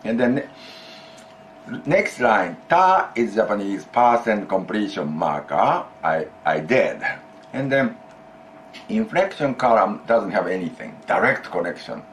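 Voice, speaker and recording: A man with a low voice leads a classroom grammar lesson, his pitch rising and falling a lot as he explains. He repeats key phrases patiently and keeps prompting his student to try. Faint noise sits under his voice. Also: big pitch swings, takes it slowly. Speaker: Japanese language teacher.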